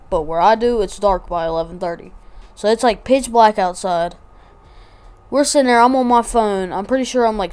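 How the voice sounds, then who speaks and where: A woman's voice: mid-range voice, darkish tone, clear, resonant tone. A woman vlogger telling a casual story, rambling and slangy with lots of asides.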